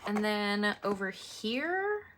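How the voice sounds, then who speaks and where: Young woman planner vlogger, bright and lively, unhurried, chatty with ranting asides. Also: mid-range voice, a little hiss or hum. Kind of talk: casual chat while crafting. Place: apartment.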